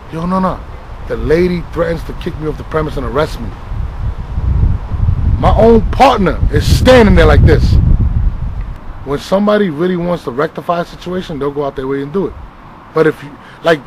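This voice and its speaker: A man's voice: on the high side, a little mellow, a little hiss or hum, low-quality recording. A man telling a heated story as an interview guest, emphatic and profane, checking in with "right?" as he goes. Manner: emphatic, profane, with repeated "right?" and "you feel me?" tags.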